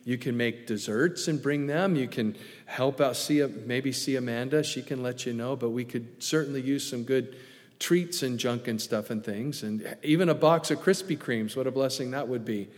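A middle-aged male pastor preaches in an easy, folksy way, drifting into asides. His voice sits at an ordinary middle pitch. A long reverb from the church hall trails each phrase. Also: normal speed. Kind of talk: sermon.

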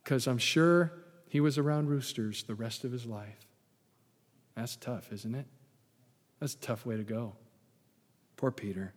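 A man preaching a sermon as a pastor, telling the story with lively, sarcastic asides. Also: mid-range voice, unhurried, pauses often, big-room sound.

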